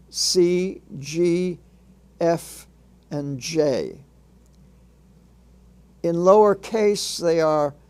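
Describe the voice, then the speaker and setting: Guy doing a slow phonics lesson, kinda high voice, sounds out each letter. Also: darkish tone. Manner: measured, spells out letters and sounds one by one. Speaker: reading teacher. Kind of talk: slow instructional narration.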